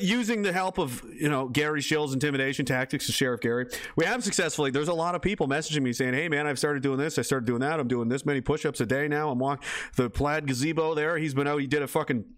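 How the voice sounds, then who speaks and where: A man's voice: mid-range voice, a bit bright. A man chatting casually on a live stream, rambling, swearing freely and reading viewer messages aloud. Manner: rambling, profane, laughing, reads chat aloud.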